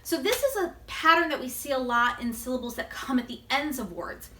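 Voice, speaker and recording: A woman teacher giving a video word-study lesson to young children, gently encouraging them and pausing for answers. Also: high-pitched, animated, echoey room, slight background noise.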